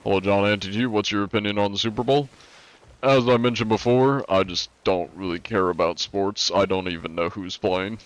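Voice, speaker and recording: A man's voice: lowish voice, steady tone, fairly quick. A young American man streaming live, chatting casually with viewers in a laid-back, rambling way. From United States. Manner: laid-back, rambling, lots of likes and ums.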